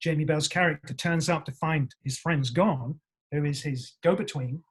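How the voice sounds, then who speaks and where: Male actor from england, husky voice, animated storytelling, acts out voices, swears. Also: fairly high pitch, moderate pace. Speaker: actor guest.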